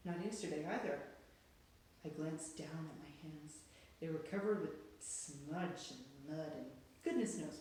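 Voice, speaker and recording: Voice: mid-range voice, very echoey, a little hiss or hum. A reader narrating a storybook aloud in a dramatic, suspenseful way. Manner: dramatic, hushed and then rising with suspense.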